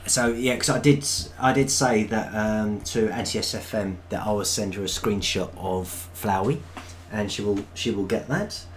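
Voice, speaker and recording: A man's voice: on the low side, normal speed, hardly any pauses, slight background noise. A man co-hosting a live stream, reading out viewer comments in a casual, hesitant way with many ums. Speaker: co-host reading chat.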